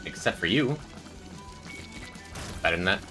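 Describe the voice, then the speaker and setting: A man's voice: low-pitched, lively intonation, measured pace, music in the background. A young man streaming a game, chatting and joking with his chat as he plays. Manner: chatty, joking, reads and answers chat while playing. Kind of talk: casual gameplay commentary chatting with chat.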